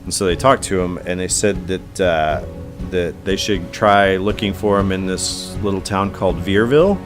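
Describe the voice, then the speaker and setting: Low-voiced laid-back man retelling scenes. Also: normal speed, over music. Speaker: podcast co-host. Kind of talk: casual chat.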